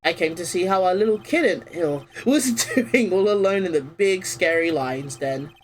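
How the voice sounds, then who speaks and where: A woman's voice: lowish voice, expressive, moderate pace, slight background noise, natural voice. A woman voicing a smug older male defense lawyer who talks down to his junior. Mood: condescending. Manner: condescending, teasing.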